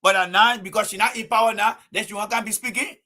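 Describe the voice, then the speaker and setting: A man holds forth on a livestream, preaching his political views with insistent repetition. His voice sits high and carries a forceful, pushing edge. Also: steady tone, fast. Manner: emphatic, preachy, repeats points. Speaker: political commentator.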